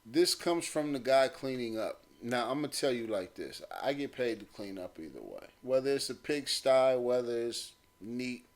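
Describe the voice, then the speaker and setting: A man's voice: medium pitch, expressive, moderate pace, hardly any pauses. A man hosting a talk show, giving blunt, streetwise advice and repeating his points for emphasis. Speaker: podcast host.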